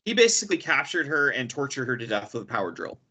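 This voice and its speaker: Bright-voiced man explaining comic lore. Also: medium pitch, very animated, slight background noise. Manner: explains comic lore, quick, stammering restarts. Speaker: podcast host. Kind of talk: casual chat.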